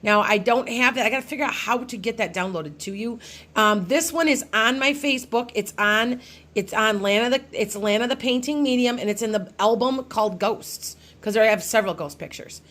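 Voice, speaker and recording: A woman's voice: a little high, fairly quick, a bit bright. Rambling middle-aged woman telling a ghost story. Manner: rambling, many restarts and fillers. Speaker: psychic medium vlogger. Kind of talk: casual storytelling to camera.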